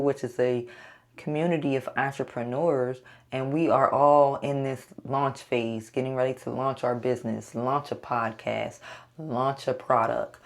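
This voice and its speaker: A photographer talking to her audience in a casual solo vlog, blunt and self-coaching, swearing freely as she pushes herself on. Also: extremely low pitch. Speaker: photographer and podcaster.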